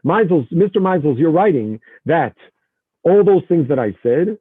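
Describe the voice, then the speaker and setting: A man's voice: a little high, expressive, moderate pace, slightly rough, no echo. Man teaching over a tinny call. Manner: reads passages aloud and translates them line by line. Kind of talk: online text-study lesson. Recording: dry, narrow phone-like video call audio.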